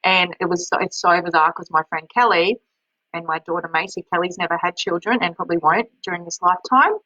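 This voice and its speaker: A woman's voice: lowish voice, fairly quick, sharp tone, no echo, dull audio. A woman hosting a webinar, talking casually and rambling with many restarts. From Australia. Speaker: webinar host and healer.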